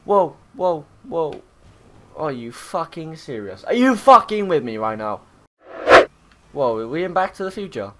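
A young Welsh man giving loud, joking, swear-heavy commentary over his own game footage. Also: fairly high pitch, very animated, normal speed, very noisy. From Wales. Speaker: gaming YouTuber. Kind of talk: casual gameplay commentary.

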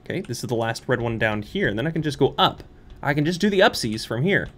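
A young let's play streamer plays a horror game on his channel, speaking quickly into a studio microphone in a sing-song, medium-pitched voice with a fairly bright tone. He mutters nervously to himself and breaks into squeals and laughter.

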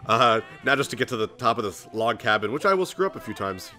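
A young man narrating his own platform game run with jokey, excitable commentary. His bright voice swings widely in pitch, and faint music plays underneath. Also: fast. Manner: jokey, excitable, jumps into squeaky put-on voices. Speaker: let's play host. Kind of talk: gameplay commentary.

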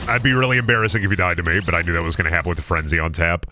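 A man's voice: deep voice, steady tone, racing, noisy background. A man streaming a video game, chatting casually with viewers and thanking subscribers, often repeating silly made-up phrases in a sing-song way.

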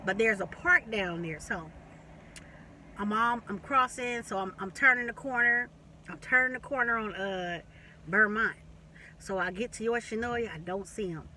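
A woman telling a long personal story in a casual, animated way, repeating phrases, swearing and laughing. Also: medium pitch, moderate pace, distant mic, slight background noise. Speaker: vlogger.

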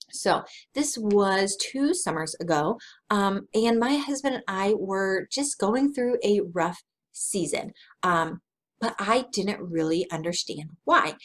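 A young adult woman hosting a Christian women's channel, giving an earnest devotional talk with a personal story and acting out cheery quoted encouragement. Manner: earnest, acts out quoted encouragement in a bright higher voice.

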